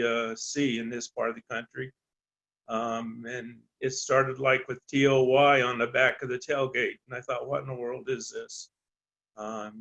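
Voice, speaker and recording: A man from eastern Colorado, a rancher, telling a story in a halting, folksy way with many ums and restarts. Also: mid-range voice, a bit bright, dull audio. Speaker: rancher on a landowner panel. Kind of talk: storytelling on a panel talk.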